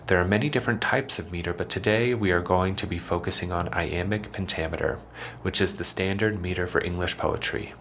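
A man hosting an educational poetry podcast, explaining meter in a measured, scripted way and reading verse slowly and deliberately. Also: low-pitched, a bit bright, slight background noise. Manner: measured, clear explanatory delivery, slows to a deliberate recitation for verse. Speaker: podcast host teaching poetry.

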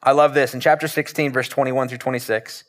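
A man's voice: mid-range voice, fairly quick. Conversational male pastor preaching. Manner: conversational, animated storytelling. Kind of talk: sermon.

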